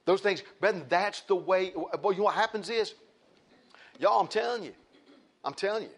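A man's voice: high voice, moderate pace. A man preaching a sermon, emphatic and repetitive, with folksy asides to the congregation.

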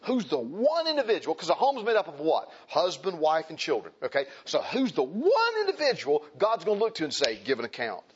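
Male preacher, husky voice, emphatic and repetitive sermon delivery, dull lo-fi recording. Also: fairly high pitch, huge pitch swings, fairly quick, hardly any pauses. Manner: emphatic, repeats phrases, turns to address the men and women in turn.

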